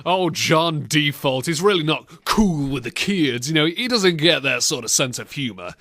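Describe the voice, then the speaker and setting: Animated mocking male podcast host. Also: on the high side, normal speed, dry recording. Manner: animated, mocking, bursts into silly impressions. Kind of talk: casual comedic banter.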